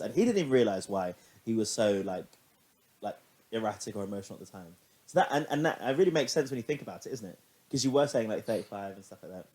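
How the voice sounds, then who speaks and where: Fast-talking, animated young man. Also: on the low side. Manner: animated, laughing, swears casually. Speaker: podcast co-host. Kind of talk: casual chat.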